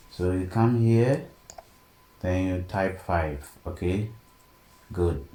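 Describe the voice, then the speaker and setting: Low-voiced guy walking thru a design tutorial, slow, keeps saying okay, echoey room w/ a bit of hiss. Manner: steady step-by-step explaining, frequent "okay?" check-ins. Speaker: software tutorial instructor. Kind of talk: screen-recorded tutorial narration. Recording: echoey room, faint background noise.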